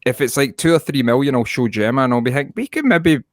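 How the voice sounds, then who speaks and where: A man's voice: mid-range voice, fairly even intonation, fast, no echo, studio quality. Sweary Scottish man on a call. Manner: sweary, rambling, laughs often. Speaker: podcast co-host. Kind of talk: casual chat. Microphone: video call.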